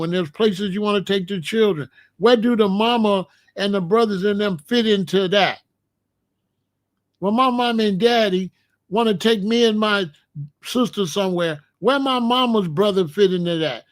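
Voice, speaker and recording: A man hosting a casual talk show and giving blunt, joking advice on marriage, acting out little scenes as he goes. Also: high-pitched. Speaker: host.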